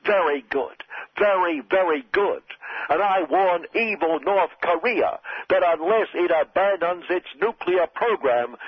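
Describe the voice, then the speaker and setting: Man doing a high, blustering politician, boastful, dull lo-fi sound. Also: slightly rough, no echo, full character voice. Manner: repetitive superlatives, blustering. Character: brash boastful male politician, self-praising. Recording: dull lo-fi recording.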